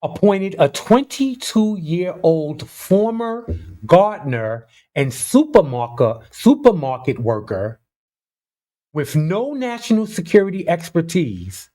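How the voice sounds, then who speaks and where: A man giving casual, animated commentary on the news, talking straight to his viewers with open disbelief. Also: high voice, takes it slowly.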